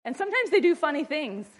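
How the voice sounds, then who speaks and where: A woman's voice: sits high, very animated, a little fast. A middle-aged woman giving parenting advice in a casual talk, chatty, often laughing, and acting out how she scolds her kids. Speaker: mother and ministry wife giving parenting advice.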